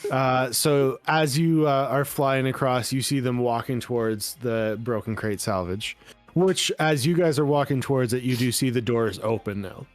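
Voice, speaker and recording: A man's voice: medium pitch, normal speed, faint music behind. Easygoing male game master. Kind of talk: narrating a tabletop game.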